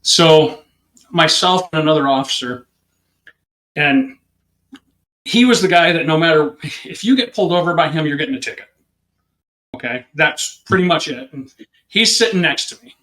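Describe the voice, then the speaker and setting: In an interview, a man who is a police officer speaks in a slightly high voice at normal speed, leaving long pauses in a roomy-sounding space. He tells his anecdote casually and with energy, playing out each person in it.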